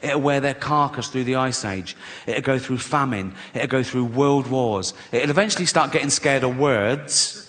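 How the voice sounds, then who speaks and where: On a large theatre stage, an English man performs a stand-up set, sardonic and swearing freely as he acts out silly voices. His mid-range voice moves at a moderate pace with a fairly bright tone, and the big venue lends a long hall reverb.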